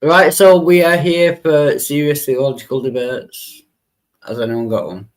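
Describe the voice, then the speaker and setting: A man's voice: on the high side, steady tone, a little slow. A man hosting a livestream chat, laid-back and chuckling often. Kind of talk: casual chat.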